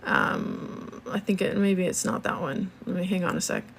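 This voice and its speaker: A woman's voice: fairly low pitch, little pitch movement, moderate pace, husky. A woman hosting a live marketing stream, talking casually and a bit scattered, laughing often and checking in with "okay?".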